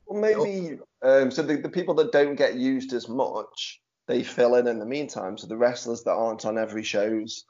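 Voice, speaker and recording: A man with a Stoke-on-Trent accent hosting a podcast in casual chat, chatty and quick to laugh. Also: medium pitch, darkish tone. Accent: Stoke-on-Trent English. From Stoke-on-Trent, England. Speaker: podcast host. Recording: dull lo-fi audio.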